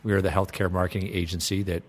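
A man's voice: low-pitched, little pitch movement, quick pace, husky. A man hosting a podcast in casual chat, joking and rambling, laughing often. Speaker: podcast host, agency president.

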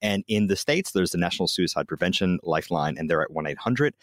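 Fast-talking deep-voiced man. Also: expressive, a bit bright, no echo, clean studio sound. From Australia. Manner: quick, chatty, many fillers. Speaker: podcast host. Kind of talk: casual podcast chat.

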